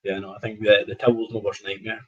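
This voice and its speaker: A Scottish man, a boxer, telling lively stories in a casual interview, often acting out what people said and laughing. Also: on the low side, fast, highs cut off, background noise. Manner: animated anecdotes with quoted dialogue, laughs often. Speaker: professional boxer, guest.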